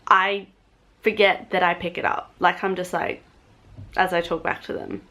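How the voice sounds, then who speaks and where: An Australian woman vlogging in an animated, chatty way. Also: lowish voice, normal speed. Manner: chatty, animated, drifts into impressions. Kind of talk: casual chat to camera.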